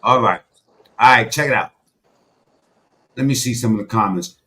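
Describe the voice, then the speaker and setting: A man's voice: lowish voice, moderate pace, bright, forceful tone. A man hosting a casual live stream, tossing out blunt questions and reading comments. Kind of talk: casual talk show banter.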